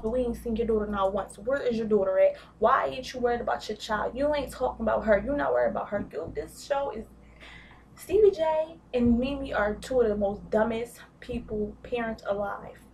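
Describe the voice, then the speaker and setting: A woman vlogger rants her way through a review, blunt and profane, with plenty of slang. Her fairly high voice sits back from the mic, and a faint hiss runs under it. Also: a little fast. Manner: slang-heavy speech. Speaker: vlogger reviewing a reality show. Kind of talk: casual ranting review. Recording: distant mic with faint background noise.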